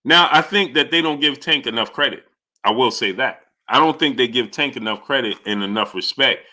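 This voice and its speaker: A man's voice: mid-range voice, a little fast, pushed and bright. A man hosting a live boxing talk stream, talking emphatically with repeated fillers and frequent "you understand?". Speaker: sports talk show host.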